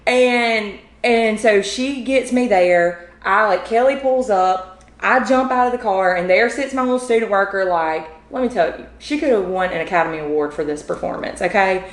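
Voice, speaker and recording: A woman, a podcast guest telling a story in a chatty, animated way with many fillers. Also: medium pitch, normal speed. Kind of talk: casual storytelling. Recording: roomy echo.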